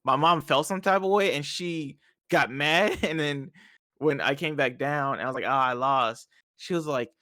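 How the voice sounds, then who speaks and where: A young man, a podcast guest telling animated stories and laughing often in casual chat. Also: on the high side, moderate pace, no echo, clean studio sound. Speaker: podcast guest, fighting game player.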